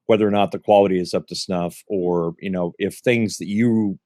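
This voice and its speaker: A man hosting a podcast who talks in a halting, thinking-aloud way, filling his pauses with fillers. His voice is fairly low, and it comes across dry and close to the mic. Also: fairly even intonation, mellow, no echo. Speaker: podcast host. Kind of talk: casual podcast chat.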